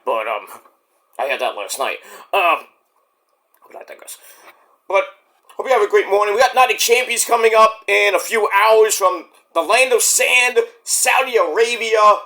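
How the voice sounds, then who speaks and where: Bright-voiced rambling New guy. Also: high voice, normal speed. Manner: rambling and profane, trailing off. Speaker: podcast host. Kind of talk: casual solo commentary.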